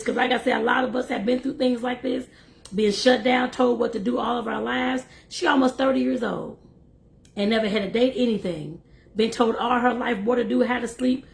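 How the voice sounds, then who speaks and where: A woman reading a novel aloud and breaking off for lively, chatty asides to her listeners. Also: on the high side, moderate pace, creaky. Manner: lively, laughs and talks to listeners directly. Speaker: host and reader.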